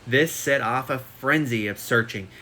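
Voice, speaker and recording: A man's voice: mid-range voice, unhurried, sharp tone, slight background noise. A man casually reading a book aloud at home for a live stream, adding chatty asides between passages. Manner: reads steadily with chatty asides. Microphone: phone.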